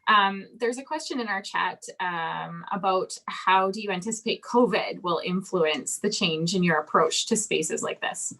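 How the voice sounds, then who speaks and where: A woman's voice: mid-range voice, normal speed, hardly any pauses, bright, forceful tone. A woman co-hosting a panel, politely and hesitantly passing on audience questions over a video call. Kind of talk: casual panel talk.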